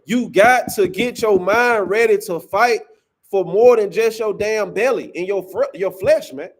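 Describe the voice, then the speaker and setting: A man's voice: high-pitched, unhurried. A man teaching scripture to a class in an emphatic, preachy way, often ending lines with "man".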